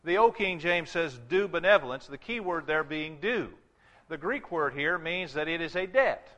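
A man preaching a sermon to his congregation, emphatic, repeating key phrases and reading scripture slowly. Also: a little high, fairly bright tone.

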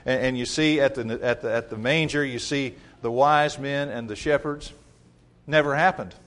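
A man's voice: mid-range voice, moderate pace, a bit bright. A man preaching a sermon, emphatic, reading scripture aloud and calling his listeners folks.

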